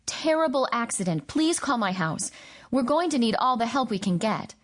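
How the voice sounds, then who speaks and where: A woman's voice: on the high side, big pitch swings, normal speed, voice pushed up. A woman reading the part of a young, nervous woman helping in an emergency surgery, her voice lifted above her narration. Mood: anxious. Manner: anxious, urgent.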